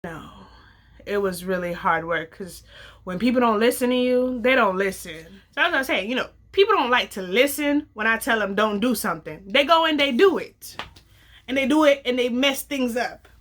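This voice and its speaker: A young adult woman casually telling a personal story, acting out the dialogue with lively slang. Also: fairly high pitch, moderate pace. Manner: animated, acts out quoted dialogue, casual slang.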